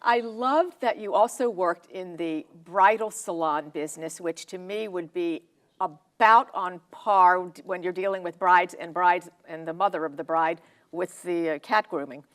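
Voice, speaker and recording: A woman's voice: lowish voice, unhurried. A woman hosting a TV studio interview, appreciative and conversational, restarting her sentences as she goes. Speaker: TV interview host.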